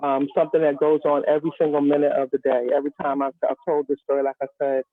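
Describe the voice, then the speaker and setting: A woman's voice: low-pitched, flat delivery, very fast. Woman telling her story over a tinny line. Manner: earnest, emphatic, humorous asides. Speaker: guest speaker. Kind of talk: live-stream storytelling. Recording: tinny phone-line sound.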